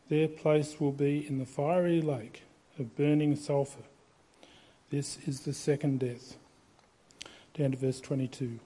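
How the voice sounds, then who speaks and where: A man reads scripture to his congregation in a church, his voice fairly high for a man yet mellow and warm. He keeps a measured, steady pace, giving each phrase its weight. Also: breathy edge. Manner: measured, steady reading aloud. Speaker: pastor. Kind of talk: scripture reading in a church service.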